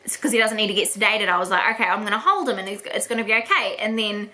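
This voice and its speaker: A woman's voice: mid-range voice, rapid-fire, bright, forceful tone, faint music behind. A young woman talking to the camera at home in a personal vlog, rambling and gushing, repeating words for emphasis. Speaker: vlogger. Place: at home indoors.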